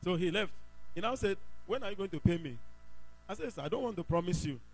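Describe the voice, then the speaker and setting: A man's voice: high-pitched, expressive, fast, low-quality recording. A man with a Nigerian accent gives an emphatic testimony in a church service, telling his story and bursting into praise. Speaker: church member giving testimony.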